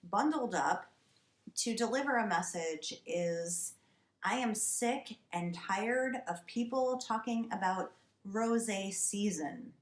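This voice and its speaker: A woman's voice: medium pitch, expressive, slow. A woman in her thirties hosting a wine show, talking to camera in a wry, emphatic, exasperated way from a basement wine cellar. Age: 30s. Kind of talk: casual comic monologue to camera. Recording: roomy echo.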